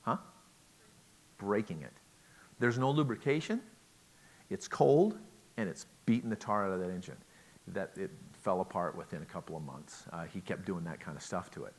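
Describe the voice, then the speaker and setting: A man's voice: sits low, lively intonation, moderate pace, long pauses, breathy edge. A middle-aged man giving a relationship talk at a conference, chatty and joking, asking the audience questions. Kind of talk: lecture to a live audience.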